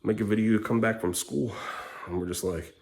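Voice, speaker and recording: A man's voice: on the low side, fairly even intonation, fairly quick, gravelly, a little mellow. A man talking to camera as a dad vlogger, candid, rambling and blunt, with casual swearing. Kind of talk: rambling personal vlog monologue.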